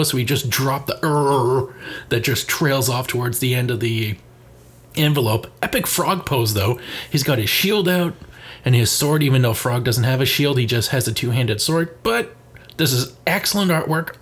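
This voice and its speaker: A man co-hosting a casual chat show, reading magazine letters aloud with sarcastic asides and frequent laughter. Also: medium pitch. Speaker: podcast co-host.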